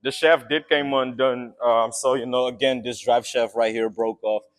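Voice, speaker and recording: A young man vlogging in an excited, loose, rambling way, laughing often and cheering. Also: medium pitch, moderate pace. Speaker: maker vlogger. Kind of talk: excited casual vlog.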